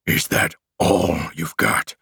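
A man voicing a towering, mocking male demon monster with a gravelly growl, speaking slowly in an audiobook reading. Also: sits low, sharp tone, no echo, clean studio sound, voice pushed down, full character voice. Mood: taunting. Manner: slow, taunting, deliberate.

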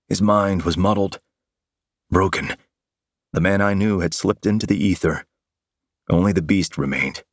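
A man giving dramatic first-person fiction narration in an intense, measured storytelling manner. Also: low-pitched, no room sound, studio quality.

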